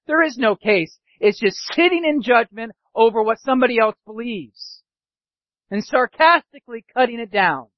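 Man, pastor, animated sermon, high pitch, muffled recording. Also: moderate pace, dry recording. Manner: animated preaching, mimics sarcastic voices. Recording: dull dry lo-fi sound.

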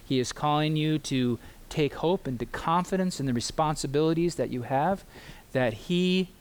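A pastor preaching an earnest sermon to his congregation in a church. He pleads with his listeners in slow, emphatic phrases and tells them a story. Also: on the high side, darkish tone.

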